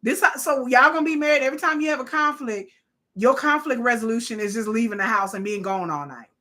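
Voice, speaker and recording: A woman's voice: a little high, quick pace, bright, forceful tone. A woman hosting a live watch party of a reality show, giving blunt, profane, opinionated commentary straight to her viewers. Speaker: live-stream host.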